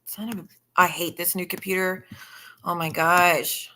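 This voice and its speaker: A woman's voice: lowish voice, level tone, unhurried, bright, forceful tone. A woman hosting a casual live stream, talking bluntly with plenty of swearing and thanking viewers in the chat as she scrolls through messages. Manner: blunt and profane, chatting with viewers while scrolling. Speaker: livestreamer.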